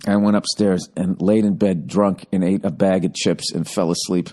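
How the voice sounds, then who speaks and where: A man's voice: deep voice, fairly even intonation, normal speed, warm tone. A man hosting a podcast, telling a comedic story in a profane, ranting way. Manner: profane, ranting, heavy swearing. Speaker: podcast host.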